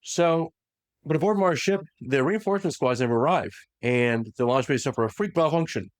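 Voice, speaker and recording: A man in an easy, animated podcast chat, walking a co-host through a story and dropping into quick impressions of the characters. His voice sits in a middle range, and the recording is dry and close with no room sound. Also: mid-range voice, dry recording. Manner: animated retelling that slips into quick voiced quotes. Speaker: podcast host recapping lore. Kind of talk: casual lore recap chat.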